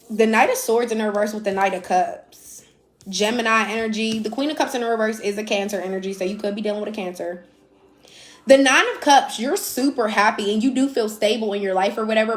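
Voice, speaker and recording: A woman's voice: mid-range voice, echoey room. A woman giving a casual, blunt live tarot reading, chatty and swearing now and then. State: out of breath. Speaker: tarot reader.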